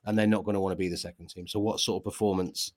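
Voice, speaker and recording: Low-voiced man chatting about football. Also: flat delivery, racing, no room sound, clean studio sound. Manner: hesitant restarts, chatty. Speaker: podcast co-host. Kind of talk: casual football podcast chat.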